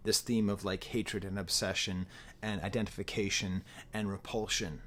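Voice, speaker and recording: Rambling, animated man reviewing an album. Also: on the low side, moderate pace, a little hiss or hum. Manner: rambling, animated, self-interrupting. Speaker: music reviewer. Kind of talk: casual spoken album review.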